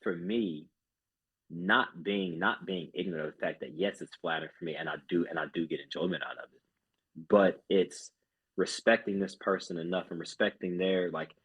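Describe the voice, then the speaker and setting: A man's voice: sits low, normal speed, fairly bright tone, slightly rough. A man who is a group fitness instructor, talking earnestly as a podcast guest and often restarting his sentences. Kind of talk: casual podcast chat.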